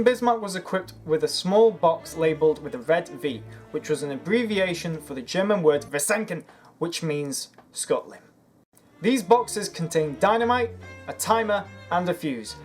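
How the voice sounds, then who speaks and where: History youtuber narrating, argues his point, soft music behind, mid pitch. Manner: earnest, argumentative, making a case. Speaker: history video creator.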